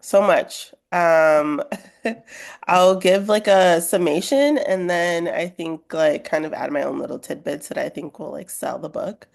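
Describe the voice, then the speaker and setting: A woman author being interviewed on a podcast, sounding sleepy and talking in a relaxed, chatty way. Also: lowish voice, unhurried, vocal fry. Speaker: guest author. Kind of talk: casual interview.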